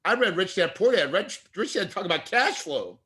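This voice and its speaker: Earnest, bright-voiced storyteller man. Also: sits high, moderate pace. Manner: earnest, animated storyteller who gets choked up. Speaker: guest investor. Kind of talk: emotional storytelling in an interview.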